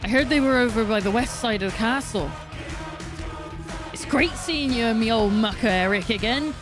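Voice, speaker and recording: A woman voicing a rough-spoken, cheerful commoner with blunt slang. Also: a little high, moderate pace, music in the background, natural voice.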